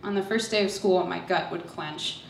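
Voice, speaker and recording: A woman's voice: fairly low pitch, moderate pace, creaky, noisy background. A young woman telling a personal story on stage, nervous and self-deprecating, laughing through her lines. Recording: echoey hall, voice from far off.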